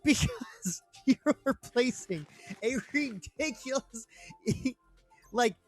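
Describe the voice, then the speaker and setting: A woman live-streaming a game, chatting casually with frequent laughs and quick exclamations. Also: a little high, lively intonation, faint music behind. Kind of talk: casual live-stream chat over gameplay.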